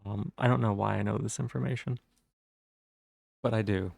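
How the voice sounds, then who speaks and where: A man's voice: on the low side, steady tone, moderate pace, creaky, a little mellow, husky, dry recording, studio quality. A man chatting casually on a live stream, rambling with lots of fillers and restarts.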